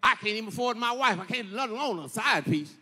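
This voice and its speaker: High, bright preacher in echoing hall. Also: male voice, expressive, fast, husky. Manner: storytelling preacher, swelling into shouted sing-song peaks. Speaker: pastor. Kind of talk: sermon. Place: church sanctuary. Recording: echoey church hall.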